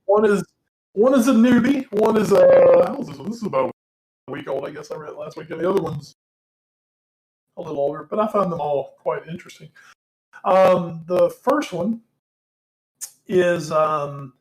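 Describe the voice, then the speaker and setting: A man's voice: high-pitched, animated, moderate pace, pauses often. A tired man co-hosting a casual sports podcast, rambling with lots of ums and casual swearing. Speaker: co-host. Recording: echoey room.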